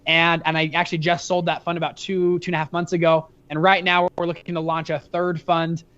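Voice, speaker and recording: A young man in his twenties, an interview guest, telling a story energetically, with many quick restarts. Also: fairly high pitch, smooth, muffled recording. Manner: energetic, fast-talking storyteller with frequent restarts. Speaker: guest, fund founder.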